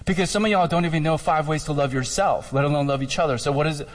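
Man, pastor, conversational sermon, fairly high voice, long hall reverb. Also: fast talker. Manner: conversational, emphatic, with frequent fillers.

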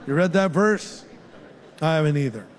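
An older man preaching a sermon and leading an altar-call prayer, earnest and pleading, rising on key phrases and dropping soft to pray. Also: on the high side, lively intonation, normal speed. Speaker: pastor. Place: large church hall with a live congregation. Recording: long hall reverb.

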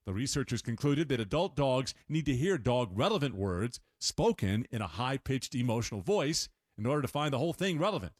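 A man's voice: mid-range voice, big pitch swings, a little fast, few pauses, breathy edge, no room sound, clean studio sound. A man hosting a radio feature segment, presenting in a chatty style with playful asides. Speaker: radio show host.

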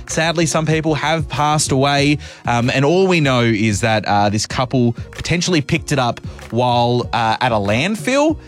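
A man's voice: a little high, expressive, moderate pace. A young Australian man hosting a radio show, chatting casually and rambling, correcting himself as he goes. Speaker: radio host. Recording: radio broadcast with faint music.

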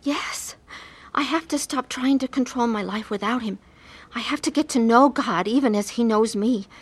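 A woman's voice: on the high side, moderate pace, breathy edge, dry recording. A woman playing a middle-aged wife in chronic pain who narrates her own story in an earnest, confessional way, in a radio drama. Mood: confessing. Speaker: narrator and main character.

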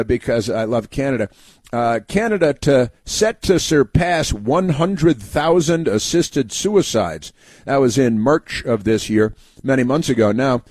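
A man hosting a talk show, giving sarcastic political commentary in a halting delivery full of fillers and restarts. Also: mid-range voice, darkish tone, no echo. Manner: sardonic, mock-cheerful asides.

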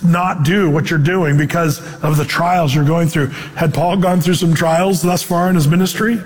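A male pastor with a high voice delivers a casual, animated sermon. He drops into playful voices when quoting people and laughs along the way. His words trail off into the long echo of a large hall. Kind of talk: conversational sermon.

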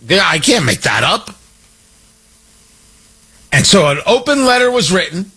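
A man's voice: high-pitched, big pitch swings, measured pace, pushed and bright, breathy edge. A man delivering an emphatic, sarcastic political commentary monologue, hammering his points through repetition.

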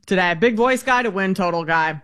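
Minnesota-accent radio host, quick setups, reads the betting lines and throws it to the co-host. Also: medium pitch, sharp tone. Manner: brisk, sets up each topic for the co-host. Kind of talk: sports betting talk on air.

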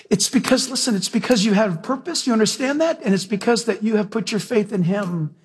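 A male preacher giving an emphatic sermon, asking his listeners direct questions and telling lively stories. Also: sits high, fairly quick, few pauses, husky. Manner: emphatic, questions the audience, animated storytelling.

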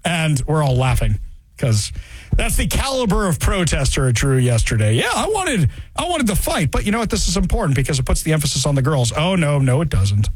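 A man's voice: a little high, brisk, husky, dry recording. A man hosting a talk show, delivering a sarcastic, opinionated commentary monologue. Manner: sarcastic, mocking, animated.

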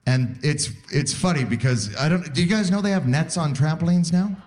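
A man doing a stand-up comedy set on a club stage into a handheld mic, in chatty, self-deprecating storytelling with sudden pitch jumps. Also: animated, moderate pace, darkish tone. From Canada. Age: 40s.

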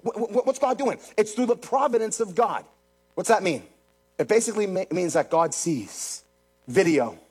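High-pitched guy preaching, keeps saying listen to me, soft music underneath. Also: lively intonation, normal speed, breathy edge. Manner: emphatic, repeats phrases, addresses the congregation directly. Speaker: pastor. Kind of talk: sermon.

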